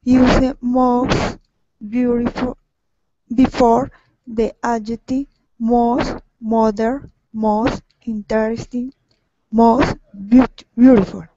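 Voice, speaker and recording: Woman student reading aloud very slowly. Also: a little high, level tone, dark tone, no room sound. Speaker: language student. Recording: muffled dry video-call audio.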